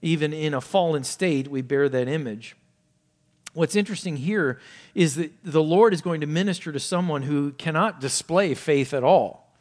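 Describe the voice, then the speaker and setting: A male pastor with a somewhat high voice delivers a sermon. He peppers it with rhetorical questions and drops from ringing emphasis to near-whispered, low remarks. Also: normal speed. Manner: swings from loud emphasis to hushed, low asides; asks many rhetorical questions.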